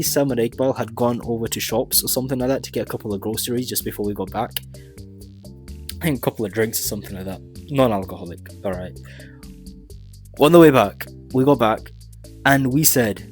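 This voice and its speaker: An animated young man tells a story for his vlog, laughing as he goes. His voice sits at an ordinary middle pitch. Faint music plays behind him. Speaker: vlogger.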